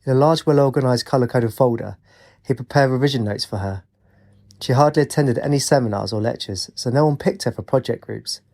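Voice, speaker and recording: A male narrator reads a fantasy novel aloud in a measured, even way. His mid-pitched voice has a noticeable gravelly texture. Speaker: audiobook narrator. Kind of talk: scripted narration.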